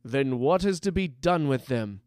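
A man voicing a cruel, charismatic male rebel mage leader who speaks slowly, slyly and with menace. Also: medium pitch, lively intonation, darkish tone, clear, resonant tone, no echo, studio quality, close to an everyday voice. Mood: menacing. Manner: slow, sly and menacing.

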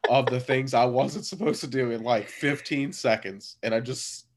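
A man in his thirties, talking casually in a loose, rambling way with lots of filler words. His voice sits at a middling pitch, and he often breaks into laughter as he tells a story. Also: moderate pace. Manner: laid-back, rambling with many fillers and frequent laughs.

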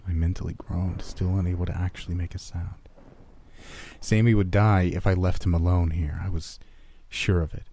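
Deep-voiced man narrating a horror story. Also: steady tone, normal speed, dark tone, slight background noise. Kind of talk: first-person horror narration.

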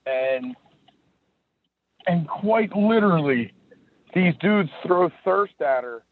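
A man chats on a podcast in a wry, laid-back way. His voice comes through a thin, phone-like line. It is a bit high for a man and dry, with no room echo. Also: animated, slow. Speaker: podcast co-host. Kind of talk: casual chat. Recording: tinny phone-line sound.

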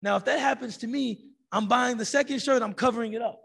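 A man teaching a religious class, telling a story in a lively way and acting out the people in it. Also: very high-pitched, fast, gravelly, few pauses, breathy edge. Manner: animated storytelling, acting out quoted voices.

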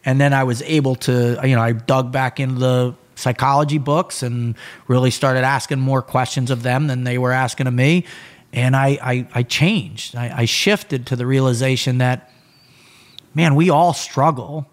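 A man who is a podcast guest, telling stories in casual chat in a blunt, animated way. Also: medium pitch, normal speed.

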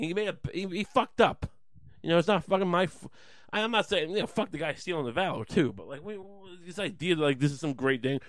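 A man's voice: on the high side, fast, dry recording. Heated, profane ranting man. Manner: profane, heated, sarcastic, with mocking put-on voices. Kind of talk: ranting monologue.

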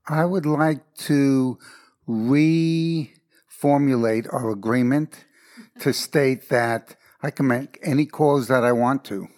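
A man's voice: medium pitch, takes it slowly, a little mellow. A man arguing with his daughter in a blunt, stubborn way. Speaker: parent interrupting a podcast. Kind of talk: casual argument.

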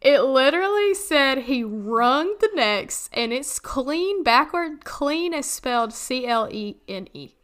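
A woman from Western North Carolina with a Southern accent, co-hosting a podcast and telling a story in casual chat, animated and laughing often. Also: high voice, takes it slowly, hardly any pauses, clear, resonant tone. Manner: animated, laughs often, reads old text aloud with asides. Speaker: podcast co-host.

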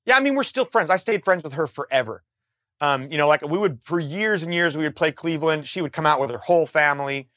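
A middle-aged man, a musician guest, telling a story in a casual, animated way, swearing freely and restarting his sentences. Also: a little high, fast, dry recording, studio quality. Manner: animated, profane, frequent restarts.

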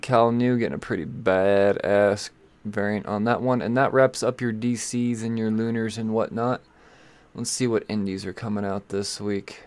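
A man's voice: fairly low pitch, moderate pace. A man hosting a casual weekly rundown of new comic books, rambling and offhand with fillers, stalls and asides. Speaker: comic book channel host.

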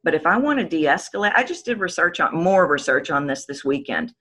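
Bright animated woman voice coach. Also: brisk. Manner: expressive, swoops pitch to demonstrate points. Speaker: voice coach guest. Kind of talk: animated interview talk.

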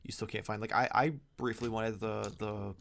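A man's voice: fairly low pitch, little pitch movement, normal speed, gravelly, a bit bright. A man co-hosting a podcast in casual chat, often stammering and repeating words as he starts a thought. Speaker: podcast co-host.

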